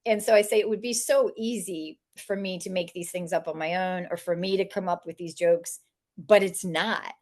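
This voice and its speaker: A woman, an author and animal communicator, telling funny stories in a lively way, laughing often and acting out the voices of people she quotes. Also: fairly low pitch, normal speed. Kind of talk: storytelling interview talk.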